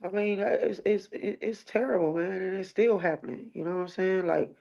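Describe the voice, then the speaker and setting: A woman from the Midwest speaking as a guest on a talk show. She talks in a relaxed, slangy way at a middle pitch. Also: fairly quick, gravelly, highs cut off. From American Midwest. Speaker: guest, cook and musician. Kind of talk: casual interview talk.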